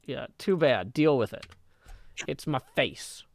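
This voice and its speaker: A man hosts a relaxed livestream and talks in loose, halting sentences full of filler words. He sounds upbeat when he thanks viewers and reads their messages aloud. His voice sits at an ordinary middle pitch. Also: vocal fry, no room sound, studio quality. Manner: hesitant, full of ums and likes. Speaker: livestream host. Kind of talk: casual livestream chat.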